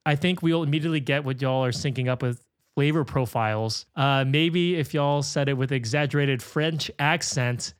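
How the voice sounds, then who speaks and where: A man's voice: medium pitch, normal speed, no room sound, studio quality. A man hosting a film podcast, chatting casually and reading out listener emails, upbeat and laughing often. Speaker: podcast host.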